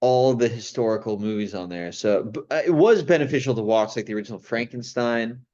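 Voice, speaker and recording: A man's voice: mid-range voice, brisk, warm tone, muffled recording. Rambling, enthusiastic young man. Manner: rambling, restarts often, enthusiastic. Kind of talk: casual chat about old movies.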